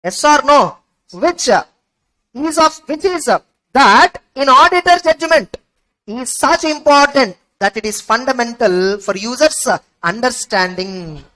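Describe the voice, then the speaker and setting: High-voiced tutor quizzing herself. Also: female voice, lively intonation, takes it slowly, bright, forceful tone, low-quality recording. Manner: rhetorical questions answered herself, emphatic repetition. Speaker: accounting exam tutor. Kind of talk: recorded revision lecture.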